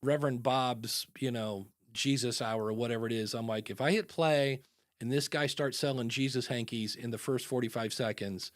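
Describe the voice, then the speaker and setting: Animated male podcast host, dry sound. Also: medium pitch, moderate pace, no echo. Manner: animated, mimics voices in quotes. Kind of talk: casual podcast chat.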